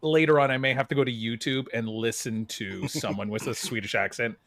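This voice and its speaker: A man's voice: mid-range voice, steady tone, fairly quick, a bit bright, no echo. A man hosting a podcast, chatting in a laid-back, jokey way. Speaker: podcast host. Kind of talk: casual chat.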